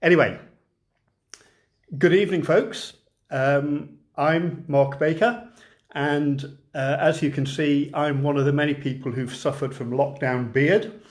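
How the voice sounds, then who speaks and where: A man's voice: fairly high pitch, a little slow. A man hosting an online gathering over a video call, talking hesitantly with many fillers before reciting a comic poem. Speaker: storyteller at an online event.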